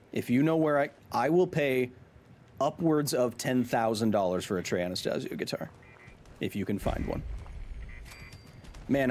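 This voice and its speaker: Animated man chatting while gaming. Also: mid-range voice, a little hiss or hum. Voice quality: animated, jokey, talks to chat. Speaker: gaming streamer. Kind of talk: casual live-stream chatter.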